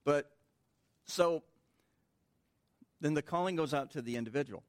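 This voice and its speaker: A man's voice: fairly high pitch, unhurried, no room sound, studio quality. A man teaching a midweek Bible study in a conversational, informal way, asking the room questions and answering them himself.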